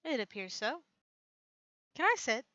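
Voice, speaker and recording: A woman's voice: fairly high pitch, very animated, a little slow, pushed and bright, dry recording, muffled recording. A woman playing a pirate captain character in a casual tabletop role-play. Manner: casual, laughs often. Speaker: player.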